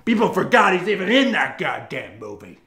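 A man's voice: high-pitched, very animated, a little fast, bright, forceful tone, a little hiss or hum, exaggerated voice. A man playing a melodramatic young actor in a comedy sketch who swings from muttering to manic screaming. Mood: scheming. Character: melodramatic young male actor, fame-hungry, shouting. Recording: echoey room.

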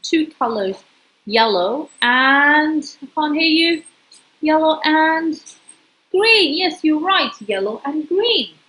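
Female storyteller, higher than average voice, lively sing-song delivery, reads a picture book to a small child unhurriedly. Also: slow, low-quality recording.

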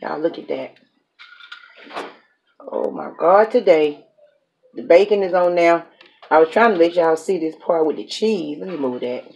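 This mukbang cook's low, gravelly voice has a darkish tone, and the recording loses its highs. She chats to the camera while grilling a burger at home, animated but a little slow, pausing often as she talks herself through each step and laughs at her slips.

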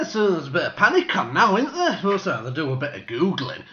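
A man's voice: sits high, wildly swooping pitch, a little fast, hardly any pauses, sharp tone, roomy sound, dull audio. A man delivering a sarcastic, sweary satirical monologue and slipping into mocking voices.

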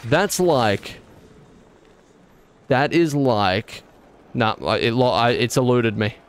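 A man's voice: mid-range voice, expressive, slow, smooth. A man streaming a video game, rambling and correcting himself, with exasperated outbursts. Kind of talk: casual gameplay commentary.

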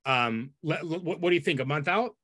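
A man's voice: a little high, a bit bright, no echo, studio quality. A man moderating a webinar, friendly and a little stammering, fielding questions from the audience. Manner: friendly, stammering, quick to agree. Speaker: webinar host.

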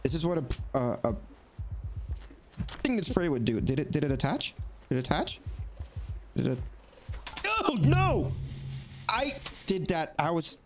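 A man giving excitable let's play commentary, talking to the creatures on screen as he plays. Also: on the high side, normal speed, long pauses, soft background music. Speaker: gaming YouTuber.

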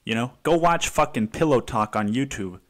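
A man in the middle of a solo podcast rant, his voice sitting at an ordinary middle pitch. He rambles and swears freely, tossing in "dude" every few words. He keeps restarting his sentences with exasperation. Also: lively intonation, normal speed, fairly bright tone. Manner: profane, rambling, says "dude" constantly. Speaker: podcast host.

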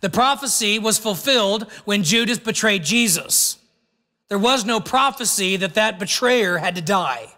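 A man preaching a sermon as pastor, earnest and slowing down to stress key words. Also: high-pitched, animated, pushed and bright. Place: church sanctuary. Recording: long reverb of a church hall.

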